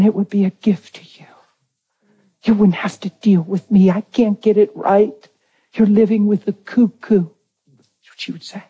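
A man preaching a personal testimony, acting out the dialogue, swinging from near shouts to hushed tones. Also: high voice, slightly rough, lo-fi sound. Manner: acts out dialogue in his story. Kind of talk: testimony sermon.

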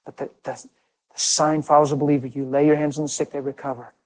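Delivering a loose, conversational sermon full of stories, this middle-aged preacher from Pennsylvania talks quickly in a level, somewhat high voice with a darkish tone. He drives his points home hard, asking the crowd rhetorical questions and answering them himself, over poor audio.

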